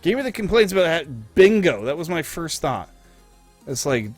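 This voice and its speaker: A man's voice: a little high, moderate pace. Young man, profane rant, live stream talk, faint music behind. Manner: profane, animated storytelling.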